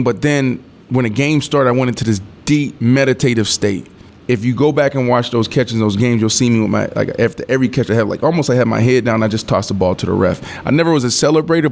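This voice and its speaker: A man in his thirties tells a sports story in a relaxed interview, his voice sitting at an ordinary middle pitch. He is an animated storyteller who acts out what people said, swears freely and laughs as he goes. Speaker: former NFL wide receiver, guest.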